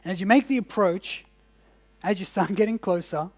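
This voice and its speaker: A man whose voice sits high talks at a normal speed while presenting a workshop to business owners in an indoor event room. His coaching is casual and jokey, and he quizzes the live audience.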